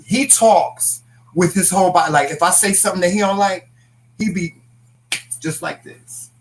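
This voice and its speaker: Teasing, high-pitched man joking around. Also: moderate pace, slight background noise, low-quality recording. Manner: joking, teasing, loud and emphatic. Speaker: talk show co-host. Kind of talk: casual chat.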